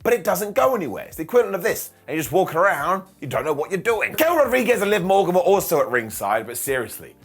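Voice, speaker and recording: A man in his thirties recapping a wrestling show in a sarcastic, jokey monologue full of quick mock impressions. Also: sits high, big pitch swings, faint music behind.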